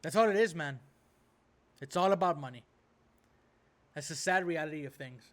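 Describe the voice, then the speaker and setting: A man's voice: a little high, moderate pace, a bit bright. A man hosting a reaction video, ranting casually in a rambling way and tossing in "right?" and "bro" as he goes.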